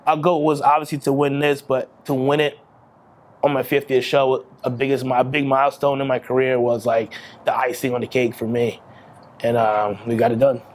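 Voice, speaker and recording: A man's voice: mid-range voice, little pitch movement, moderate pace. A man in his thirties giving a candid, emotional interview as a bodybuilding champion. He swears freely and often restarts his sentences. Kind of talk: candid post-victory interview.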